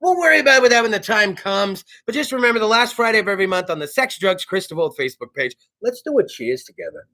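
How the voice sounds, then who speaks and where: A man from South Texas hosting a casual talk show, loud, excitable and profane, often bursting into shouts while plugging sponsors. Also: high voice, fast talker, few pauses.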